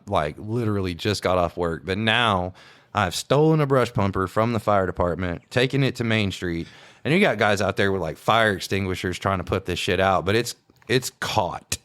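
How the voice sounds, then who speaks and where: Podcast co-host, very low voice, dry room; loose, cussing storyteller. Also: male voice, moderate pace, a bit bright, dry recording. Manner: rambling, profane, laughing, mimics others' voices. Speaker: podcast co-host, small-town police officer. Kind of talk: casual storytelling chat.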